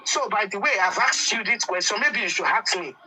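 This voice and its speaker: A woman with a Nigerian accent, a panelist in a heated debate, questioning insistently and with deliberate emphasis. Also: mid-range voice, sharp tone, poor audio.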